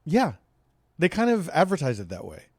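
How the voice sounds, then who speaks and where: A man co-hosts a home podcast with a mid-pitched voice. His pitch rises and falls a lot as he makes wry, dry remarks. The recording is close and dry. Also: huge pitch swings, normal speed, a little mellow, no echo. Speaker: podcast co-host. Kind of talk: casual chat. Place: home, indoors.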